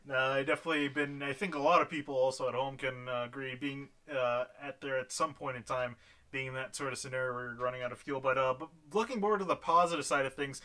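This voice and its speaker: A man's voice: medium pitch, steady tone, quick pace, pushed and bright. A man interviewing drivers after an online race, upbeat, with many fillers and laughs at his own slips.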